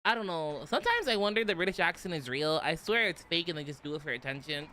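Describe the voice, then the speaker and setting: Young male streamer, casual chat, bright tone, rambly and giggly, faint room noise. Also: a little high, very animated, fast. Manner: rambling, giggly, heavy use of "like". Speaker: vtuber streamer.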